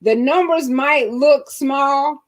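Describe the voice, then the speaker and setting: Woman, live-stream host, higher voice, laughing, casual chat. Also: slow pace. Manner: lively, laughing, preacher-like cadence.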